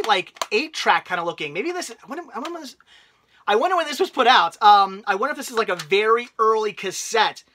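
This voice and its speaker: A man hosting his own channel in a casual, excitable home vlog, gushing with lots of filler words. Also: high voice. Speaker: channel host.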